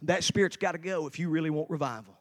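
A preacher in his forties giving a sermon, telling his own story and swinging from quiet storytelling to slow, shouted fervor. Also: a little high. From Tennessee. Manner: shouts and slows down in the fervent parts, quiet and fast in the storytelling.

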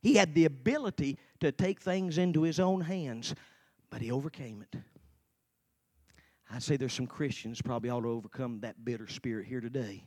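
A preacher in his forties giving a sermon, telling his own story and swinging from quiet storytelling to slow, shouted fervor. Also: mid-range voice. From Tennessee. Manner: shouts and slows down in the fervent parts, quiet and fast in the storytelling.

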